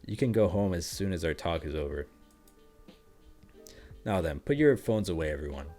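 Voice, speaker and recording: A man's voice: deep voice, animated, normal speed, warm tone, faint music behind. A man voicing a polite but controlling woman boss in her forties while reading a comic aloud. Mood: commanding. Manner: formal, commanding.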